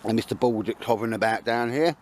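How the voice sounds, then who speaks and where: A man's voice: medium pitch, fast talker, a little hiss or hum. A man chatting casually to the camera while cooking outdoors, rambling and bantering with lots of tag questions. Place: outdoors in woodland.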